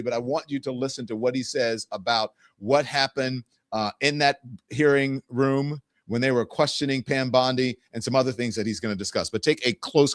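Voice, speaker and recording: A man's voice: medium pitch, fairly bright tone, dry recording. Sarcastic male talk show host, dry sound. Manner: sarcastic, emphatic. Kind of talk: political commentary.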